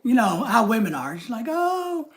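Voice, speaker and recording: American man, high-pitched voice, livestream host, casual chat, reads viewer comments aloud, home desk. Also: expressive, moderate pace. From United States.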